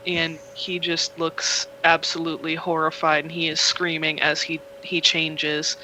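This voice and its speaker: Bright, rambling tabletop game master. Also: mid-range voice, completely flat delivery, a little slow, a little hiss or hum, poor audio. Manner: rambling, filler-heavy storytelling. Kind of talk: narrating a tabletop game over voice chat.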